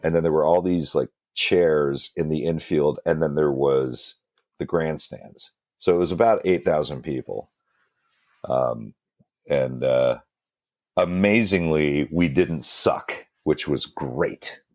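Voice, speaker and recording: Guest musician, man with a very low voice, loose and self-deprecating, plenty of ums; dry, close recording. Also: takes it slowly, darkish tone, dry recording. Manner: rambling, self-deprecating, many fillers and restarts. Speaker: guest musician, band singer. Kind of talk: casual storytelling interview.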